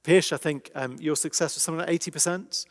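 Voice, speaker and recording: A man with an English accent giving a conversational church talk on a Bible passage, animated, dropping to hushed emphasis. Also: on the high side, fast. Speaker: preacher. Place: church hall. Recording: long reverberant hall.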